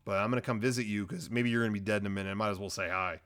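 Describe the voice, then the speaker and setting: A man's voice: fairly low pitch, steady tone, rapid-fire, fairly bright tone, voice pushed down, natural voice. A man doing a smug, slangy old villain count. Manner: casual, slangy, mocking. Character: smug male villain count, older, mocking.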